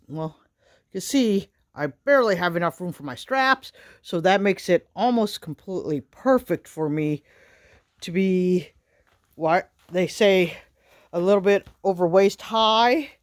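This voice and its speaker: A woman, vlogging in a casual, rambling way with many fillers from a small wooden shack in the winter woods. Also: mid-range voice. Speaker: outdoor vlogger. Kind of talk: casual chat to camera.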